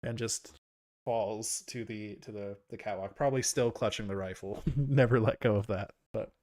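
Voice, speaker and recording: A man narrating as game master of a tabletop role-playing game, relaxed, with many fillers and frequent laughs. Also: on the low side, moderate pace, dry recording, clean studio sound.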